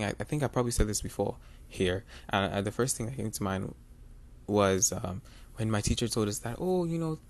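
A young man hosting a podcast, earnestly telling his personal faith testimony in a rambling, confessional way. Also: medium pitch. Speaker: podcast host.

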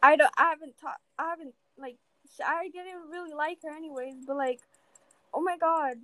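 A teenage girl with a high, bright voice rants to a friend, piling on fillers and repeats. The sound is dry and close, with no room around it. Her chat is casual and animated. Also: moderate pace, dry recording, poor audio. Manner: animated ranting, lots of fillers. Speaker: student.

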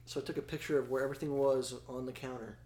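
A young man, a podcast guest, telling a family story in a casual, animated way, often laughing and acting out quotes. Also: mid-range voice, very fast, reverberant. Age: young adult.

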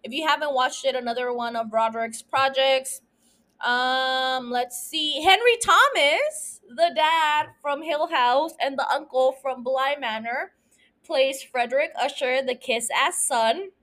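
Woman podcaster, high voice, slow unhurried delivery, excitable, swears constantly. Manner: excitable, swears a lot, casual. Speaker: podcast host. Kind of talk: solo podcast rant.

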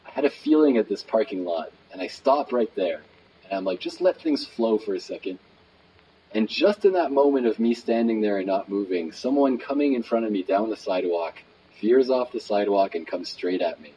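A man telling a personal story as a guest, lively and casual with many fillers. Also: lowish voice, a little fast. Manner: animated, acts out quotes, many fillers. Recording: dull recording with faint noise.

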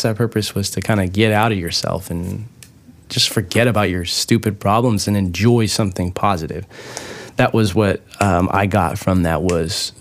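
Man, lowish voice, casual storytelling, halting, lots of fillers and restarts, swears offhandedly. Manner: casual swearing, animated when retelling funny moments. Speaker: recovering addict sharing his story.

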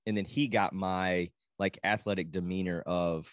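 A man's voice: low voice, moderate pace, dry recording, studio quality. A man in casual conversation, animatedly telling stories about his kids and acting out what people said. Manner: animated storyteller, acts out quotes. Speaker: podcast guest, father. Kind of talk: casual storytelling chat.

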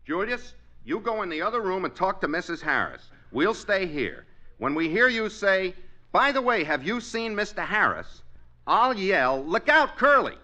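A man playing a scheming, fast-talking sidekick in a 1950s radio sitcom. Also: high voice, big pitch swings, bright, forceful tone, heavily acted. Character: scheming wisecracking male sidekick.

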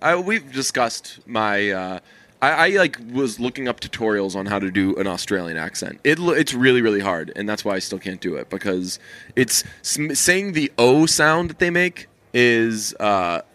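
A man's voice: medium pitch, moderate pace. Rambling, swearing young man podcaster. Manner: rambling, swears freely, deadpan teasing. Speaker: podcast co-host. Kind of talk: casual chat.

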